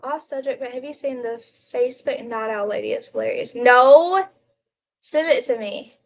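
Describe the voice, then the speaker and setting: A woman's voice: a little high, moderate pace, gravelly, a little hiss or hum. A woman hosting a casual livestream from home at night, chatting and giggling with her viewers and talking to her pet. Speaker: livestream host. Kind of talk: casual live chat with viewers.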